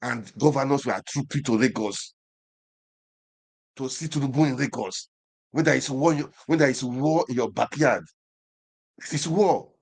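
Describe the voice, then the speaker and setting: A man's voice: medium pitch, normal speed, vocal fry, long pauses, breathy edge. Impassioned Nigerian man ranting. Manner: fervent, repeats phrases, rhetorical questions. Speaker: online show host. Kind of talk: impassioned commentary monologue.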